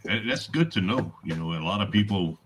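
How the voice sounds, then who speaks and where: Deep voiced guy on a video call, laid back, faint hiss in the background. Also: lively intonation, fairly quick, a bit bright. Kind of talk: casual chat.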